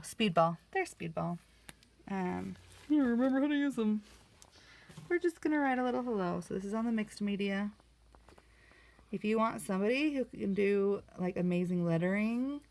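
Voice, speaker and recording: Creaky-voiced chatty woman painting. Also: medium pitch, darkish tone. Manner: chatty, self-mocking, laughs easily. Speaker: art vlogger. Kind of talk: casual crafting tutorial chat.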